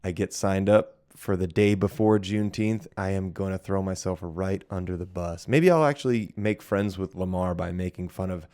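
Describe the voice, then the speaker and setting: A man with a notably deep, low-pitched voice co-hosting a loose comedy podcast. He rambles, backtracks and pokes fun at himself in easygoing banter. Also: moderate pace, hardly any pauses, warm tone, clear, resonant tone. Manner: rambling, self-mocking joking. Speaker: podcast co-host, stand-up comic. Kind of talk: casual comedy podcast chat.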